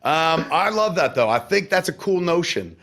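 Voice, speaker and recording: A man in his forties hosting a podcast, telling stories in a casual, profane, excitable way and swinging into quoted voices. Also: on the high side, normal speed. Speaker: podcast host.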